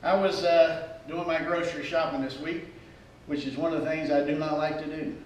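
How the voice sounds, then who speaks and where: Man, pastor, sermon, lively and joking, distant mic, faint background hum. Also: on the high side, fairly quick. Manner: animated, acts out quoted attitudes with humor. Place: church sanctuary. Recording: echoey church hall from far off.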